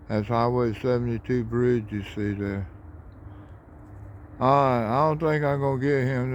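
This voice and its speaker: Monotone man by the tracks. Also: medium pitch, a little hiss or hum. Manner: flat, monotone delivery. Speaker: railfan vlogger. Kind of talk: casual narration while filming trains. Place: outdoors by railroad tracks at dusk.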